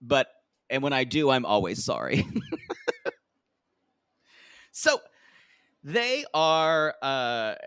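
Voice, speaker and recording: A man co-hosting a casual reality-TV recap podcast, jokey and animated, often mimicking the cast in high mocking voices. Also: extremely slow, long pauses, smooth, no echo. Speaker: podcast co-host.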